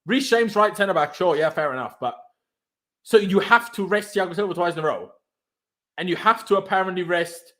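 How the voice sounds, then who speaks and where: A man's voice: high voice, normal speed, bright, forceful tone. A man hosting a football fan show, ranting in exasperation, stumbling over his words and swearing. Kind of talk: angry post-match reaction rant.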